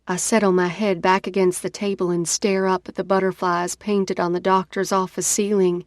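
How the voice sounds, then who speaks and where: A woman narrating an audiobook in the first person, unhurried. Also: on the low side, steady tone, no echo, studio quality.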